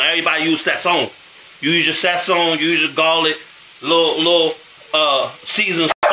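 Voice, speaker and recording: Cooking at home with food frying, a man with a slightly high voice hosts a laid-back cooking demo, slipping into slang and often checking whether you know what he's saying. There's reverb and background noise.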